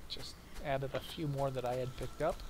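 Flat-voiced American man thinking aloud. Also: medium pitch, normal speed, noisy background. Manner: methodical, thinks aloud with many fillers. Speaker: co-op game player. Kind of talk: casual gaming chat.

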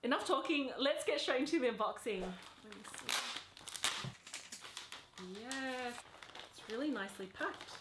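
A young woman hosting an unboxing vlog, talking in a gushing, nervous, excited way. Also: high voice, unhurried, pauses often, echoey room, background noise. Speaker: vlogger.

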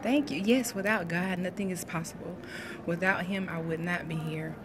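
A woman's voice: lowish voice, normal speed, noisy background. A woman, talking to viewers on a livestream at her graduation and preaching about her faith. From Florida, USA. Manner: heartfelt, preachy, greets viewers by name. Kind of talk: emotional live broadcast talk. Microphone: phone livestream. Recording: music playing behind.

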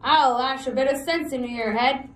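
A woman reading aloud voicing a huge, rough male outlaw who blusters and threatens. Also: high-pitched, moderate pace, reverberant, pitched above the performer's own voice, close to an everyday voice. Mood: gruff.

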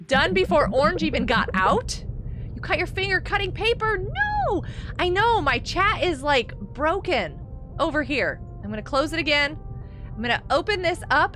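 This bubbly, high-voiced gaming streamer chats casually and excitably while she plays, reading out messages from her chat and thanking viewers.

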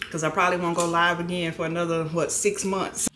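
A woman's voice: on the low side, background noise. A middle-aged woman vlogging casually to camera, chatty and folksy, often laughing as she talks.

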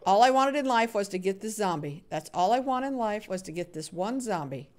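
A woman's voice: mid-range voice, expressive, fairly quick, darkish tone. A woman live-streaming a building game, chatting casually, coaxing game characters in a sing-song voice and answering viewer chat. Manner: reads out viewer chat names and answers them. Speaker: Minecraft streamer.

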